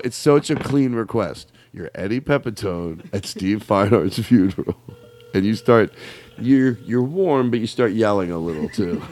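A man's voice: on the low side, a little mellow. A man hosting a comedy podcast, riffing in loose, profane, jokey banter. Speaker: podcast host.

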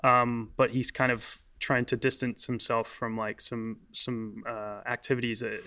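A man's voice: mid-range voice, flat delivery, measured pace, pushed and bright. A man co-hosting a casual film podcast, talking with many fillers and restarts. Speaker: podcast co-host.

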